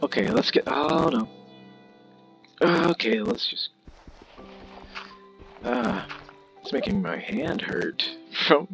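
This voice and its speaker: A man's voice: medium pitch, big pitch swings, slow, creaky, long pauses, fairly bright tone, soft background music. A man casually commenting on his own gameplay, rambling and playful with goofy wordplay, recorded on a home mic. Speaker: gaming video creator. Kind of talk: casual let's-play commentary.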